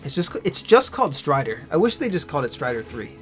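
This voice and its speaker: A man's voice: fairly high pitch, big pitch swings, fast, a bit bright, faint music behind. A young man co-hosting a let's play, chatting casually and animatedly about games, swearing now and then. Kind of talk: casual gameplay chat.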